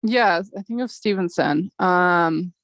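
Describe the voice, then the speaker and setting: A woman's voice: fairly low pitch, takes it slowly, no echo. A woman hosting a casual livestream chat, talking in a rambling way with a lot of swearing. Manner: angry, profane, rambling. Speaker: chat host.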